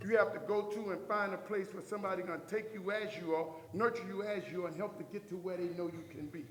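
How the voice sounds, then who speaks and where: A middle-aged man tells his story to a crowd, acting out each line of dialogue with a preacher's rhythm. His voice sits high for a man. The sound comes from far off in a large, echoey hall. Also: fairly even intonation, quick pace, fairly bright tone, a little hiss or hum. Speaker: motivational speaker. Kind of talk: inspirational keynote speech. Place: large hall before a live audience.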